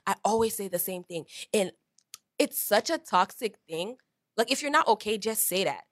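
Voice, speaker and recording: A young woman in a casual faith discussion, bubbly and quick to laugh. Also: mid-range voice, lively intonation, a bit bright, no echo, studio quality. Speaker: co-host.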